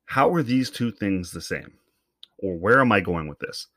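A man from Canada delivers a solo comedic rant, talking in a fairly low voice. He swears freely and thinks aloud, circling his point before landing it. The sound is dry and close, with no room echo. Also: expressive, normal speed, a bit bright. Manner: profane, rambling, thinking aloud. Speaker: commentator.

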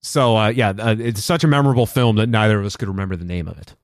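A man co-hosting a podcast in casual chat, telling stories with lively acted-out quotes. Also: lowish voice, very fast, dry recording, clean studio sound. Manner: animated storyteller, acts out quotes loudly. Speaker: podcast co-host.

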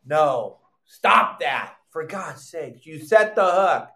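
An older man hosting a live fishing show, teaching in an animated, loud way with surfer slang. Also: a little high, slow pace, echoey room. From Southern California.

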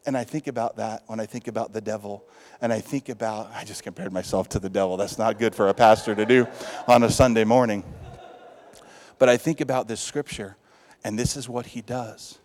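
A man with a Texas accent, a pastor preaching a lively sermon in a church, swinging from loud calls to hushed asides. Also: fairly low pitch. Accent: Texan. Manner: lively preaching with big swings in loudness, asides and quick jokes. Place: church sanctuary. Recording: long hall reverb.

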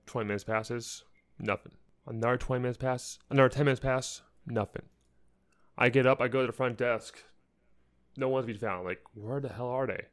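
A man's voice: medium pitch, fairly even intonation, brisk. A young man co-hosting a podcast, telling an exasperated ranting story in casual chat. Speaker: podcast co-host.

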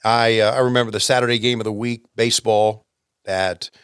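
A man's voice: fairly low pitch, fairly even intonation, brisk, a bit bright, clean tone, no echo. Fifties guy cohosting, easygoing reminiscing, middle voice, dry mic. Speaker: podcast co-host. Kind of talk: casual chat.

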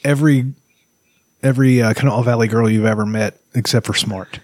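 A man's voice: mid-range voice, steady tone, fairly quick, darkish tone, no room sound, studio quality. A man in casual chat, blunt and profane, mostly tossing in short remarks.

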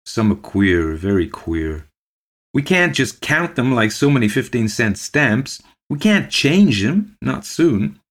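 A man voicing an old male country postmaster who speaks calmly and placatingly. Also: medium pitch, slow pace, voice pushed up. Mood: earnest. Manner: calm, placating, murmuring.

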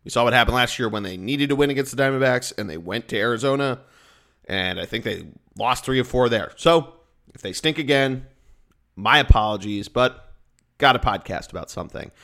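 A man's voice: medium pitch, expressive, fairly quick, pushed and bright. A man hosting a solo sports podcast, chatting in an upbeat, joking, rambling way. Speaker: podcast host.

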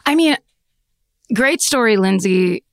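A woman's voice: medium pitch, lively intonation, takes it slowly, dry recording, studio quality. A woman co-hosting a podcast, chatting casually with wry, joking banter. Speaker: podcast co-host. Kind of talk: casual chat.

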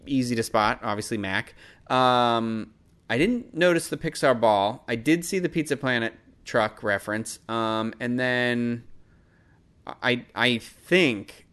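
A man's voice: medium pitch, a bit bright, clean tone. A man hosting a podcast, reviewing a film in a casual solo monologue; he rambles, loses his train of thought and pokes fun at himself.

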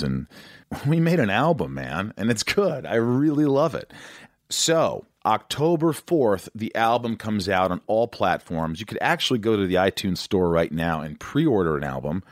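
Brief: male podcast host, 40s, very low voice, dry close sound, energetic and rambling. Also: no room sound. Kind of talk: casual interview chat.

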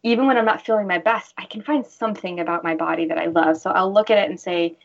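A woman's voice: on the low side, fast, creaky, hardly any pauses, highs cut off. A woman who works as a bra fitter, talking earnestly in a casual interview and telling stories with animation.

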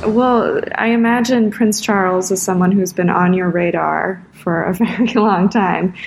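A woman's voice: lowish voice, measured pace, gravelly, over music. A woman hosting a podcast, chatting casually and asking the guest long questions. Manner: conversational, asks long questions. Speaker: podcast host and interviewer. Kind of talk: casual chat and interview.

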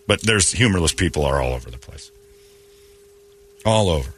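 A man's voice: a bass voice, animated, normal speed, a bit bright. A man hosting a morning radio show, ranting bluntly and joking in opinionated banter.

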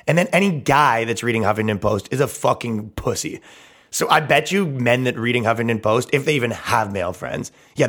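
A man's voice: on the low side, a bit bright. Brash, profane male podcast host. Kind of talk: crude ranting podcast talk.

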